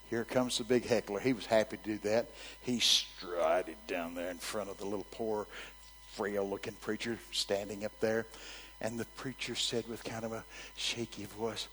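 A man's voice: medium pitch, normal speed, long reverb tail, poor audio. A man preaching a sermon, telling stories with animation and calling out to his congregation. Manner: animated storytelling, calls out to the congregation.

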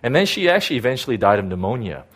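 A middle-aged pastor tells a personal story from the pulpit in a halting, repetitive way, stumbling over words and leaning on "you know." His voice sits in an ordinary middle pitch for a man. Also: big pitch swings. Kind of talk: personal testimony sermon.

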